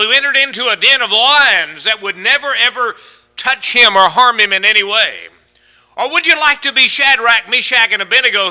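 High, piercingly bright folksy preacher man. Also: low-quality recording. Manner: folksy, asks the congregation questions. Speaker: pastor. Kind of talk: sermon.

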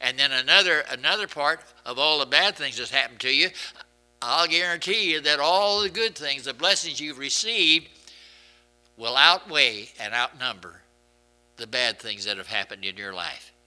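A man's voice: medium pitch, lively intonation, normal speed, sharp tone, low-quality recording. A man preaching a sermon in an earnest, conversational way, often repeating and restarting his words.

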